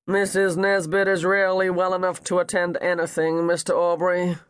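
A man voicing a gruff, blunt, wealthy older father with a growling voice. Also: high voice, monotone, normal speed, no echo, studio quality, natural voice.

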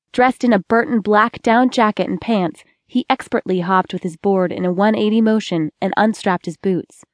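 A woman narrating a romance audiobook in a steady, expressive reading voice on a close studio mic. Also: medium pitch, dry recording.

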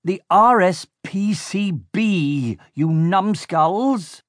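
A man voicing a cruel, bossy villainous baron who gloats slowly and bellows insults at his henchmen. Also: high voice, lively intonation, no echo, clean studio sound, pitched above the performer's own voice, heavily acted. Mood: angry. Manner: slow, gloating, shouts insults.

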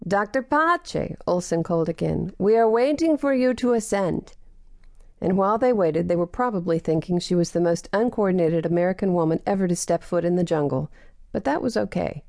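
A woman narrating a novel as an audiobook, reading in a steady, even manner. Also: fairly low pitch, dry recording, clean studio sound. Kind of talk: scripted narration.

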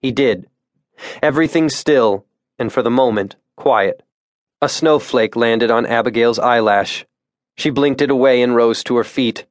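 Tense, measured male audiobook narrator. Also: mid-range voice, dry recording, studio quality. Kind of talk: scripted narration. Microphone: close studio mic.

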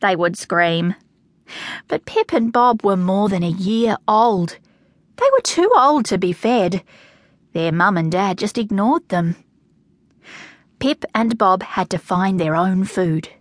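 A woman with an Australian accent narrating a children's storybook in an expressive, animated reading. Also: medium pitch, slow, long pauses, no room sound, clean studio sound. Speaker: audiobook narrator.

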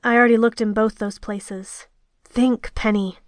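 A woman voicing a gruff, frustrated young man who speaks curtly and on edge. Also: on the high side, fairly even intonation, measured pace, no echo, clean studio sound, close to an everyday voice. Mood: irritated. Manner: curt, irritated.

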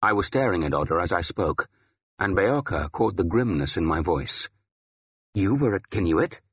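A man narrating a historical novel in first person, with dramatic, expressive delivery. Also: deep voice, moderate pace, slightly rough, no echo, lo-fi sound. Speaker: audiobook narrator.

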